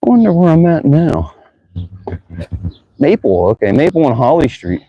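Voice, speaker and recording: A man's voice: a little high, big pitch swings, normal speed, long pauses, breathy edge, no room sound, lo-fi sound. A man vlogging outdoors as he rides a bike through town, chatting casually and musing aloud to a bike-mounted camera. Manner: easygoing, chatty, muses aloud. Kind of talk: casual narration while riding.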